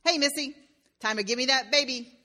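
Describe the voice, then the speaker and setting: A woman's voice: mid-range voice, very animated, fast talker, pushed and bright, in a large hall. A woman voicing a sly little gremlin man who bargains with a crying girl, in a wheedling manner. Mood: sly, bargaining. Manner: wheedling, calls the girl missy.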